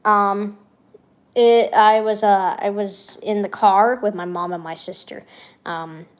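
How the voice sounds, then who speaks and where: A woman's voice: mid-range voice, steady tone, takes it slowly. A young woman venting in a casual vlog, rambling and sarcastic, laughing often between her remarks. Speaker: vlogger.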